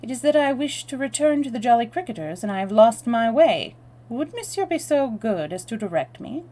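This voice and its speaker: A woman's voice: on the high side, sing-song, a little fast, mellow, pitched above the performer's own voice. A woman voicing a foppish foreign stranger with a put-on French accent, polite and evasive.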